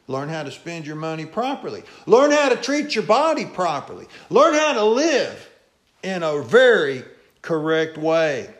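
A male pastor preaching a folksy sermon, swinging between loud calls and low asides. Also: very animated, moderate pace. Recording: echoey church room.

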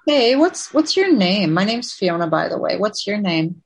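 A woman guides a past-life regression session, calm and reassuring as she coaxes the speaker along. Her voice sits at an ordinary middle pitch for a woman, and her prompts are gentle and steady. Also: moderate pace, breathy edge. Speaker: regression facilitator.

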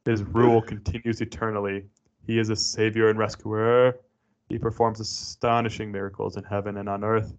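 A man putting on the voice of an ancient Persian king, reading a decree in a slow, solemn, proclaiming manner. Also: fairly low pitch, flat delivery, close to an everyday voice. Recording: dull lo-fi podcast sound.

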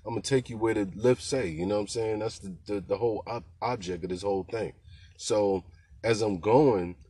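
Low-voiced laid-back man storytelling. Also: normal speed, dark tone, husky, dry recording. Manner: laid-back slangy talk, keeps asking "you know what I'm saying". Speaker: podcast host telling rideshare stories. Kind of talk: casual storytelling.

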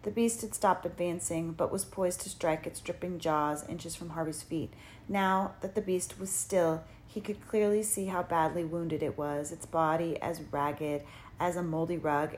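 Low-voiced woman narrating an audiobook. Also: fairly even intonation, a little mellow, a little hiss or hum. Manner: measured, dramatic storytelling. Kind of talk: scripted narration.

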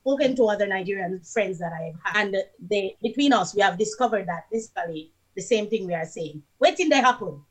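A woman's voice: mid-range voice, lively intonation, fairly quick, few pauses. A woman with a Jamaican accent, a guest in a casual chat, patiently explaining words with a sing-song rhythm.

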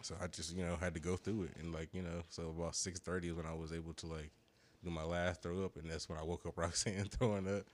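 Deep-voiced man rambling, high. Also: level tone, quick pace. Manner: rambling storytelling, profane, slangy. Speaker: podcast co-host. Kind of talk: casual chat.

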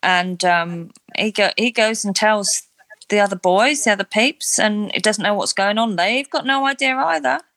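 A woman's voice: medium pitch, moderate pace, fairly bright tone, no room sound. A woman co-hosting a podcast, chatting in a casual, opinionated and self-deprecating way about a reality show. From not Australia. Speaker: podcast co-host.

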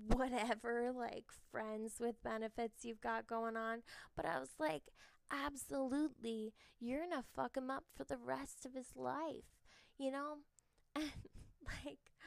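A young woman hosting a podcast, telling stories in a candid, lively way, laughing often and swearing freely. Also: fairly high pitch, gravelly, dry recording, clean studio sound. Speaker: podcast host. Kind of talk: casual confessional chat.

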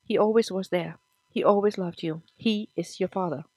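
A woman reading the lines of a firm, caring mother who speaks calmly and reassuringly, in a dry close recording. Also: medium pitch, moderate pace, slightly rough, dry recording.

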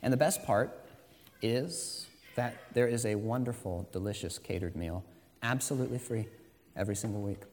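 A man preaching a sermon as pastor, moving between quiet, slow emphasis and loud, rising exhortation. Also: on the low side, slight background noise. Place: church sanctuary. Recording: long reverb of a church hall.

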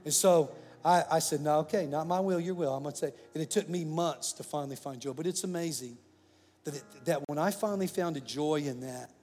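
A man preaching with a high voice that climbs even higher on his loudest lines, then drops to a near hush. His delivery is animated and personal. Long reverb trails behind him in a large hall. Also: brisk. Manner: animated, swings from loud to hushed. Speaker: pastor. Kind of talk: sermon.

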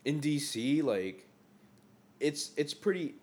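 A man from Northern Virginia co-hosting a podcast in casual chat, tired and low on energy, slangy and swearing a lot. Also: expressive, slow pace, darkish tone. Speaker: podcast co-host.

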